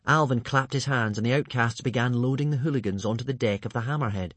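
A man narrating a children's storybook aloud in an expressive, lively way. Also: medium pitch, quick pace, few pauses, no echo. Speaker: audiobook reader.

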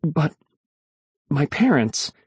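A man's voice: a little high, big pitch swings, very slow, husky, dry recording, pitched above the performer's own voice, heavily acted. A man voicing a nervous young boy who stammers and panics.

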